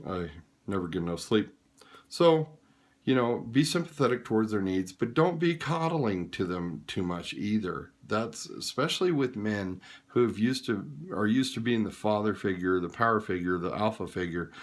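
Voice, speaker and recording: A man's voice: lowish voice, lively intonation, normal speed. A man giving frank, plain-spoken advice on caring for dying relatives in an informal talk. He sounds tired late at night. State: tired and yawning. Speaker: hospice care advisor.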